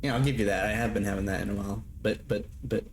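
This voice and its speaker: Laid-back, lower-voiced male game streamer. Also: steady tone, fast, slight background noise. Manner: chatty, laughs often, loose and profane. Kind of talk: casual live-stream chat while gaming.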